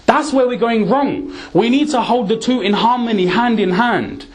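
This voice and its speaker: A man's voice: very high voice, normal speed. A man giving an earnest, emphatic sermon, dropping in Urdu, Punjabi and Arabic words. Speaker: Islamic preacher.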